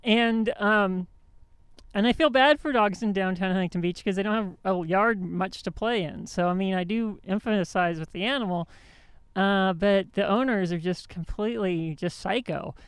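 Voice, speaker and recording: A woman's voice: mid-range voice, moderate pace, clear, resonant tone, no room sound. A woman hosting a show, telling a story in a casual monologue with indignant emphasis and many restarts. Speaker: host.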